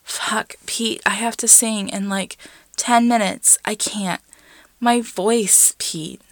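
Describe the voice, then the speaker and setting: A woman's voice: medium pitch, fairly even intonation, takes it slowly, dry recording, pitched above the performer's own voice, natural voice. A woman reading a story aloud voices an impatient young man, a lead singer, who speaks in urgent, half-whispered bursts.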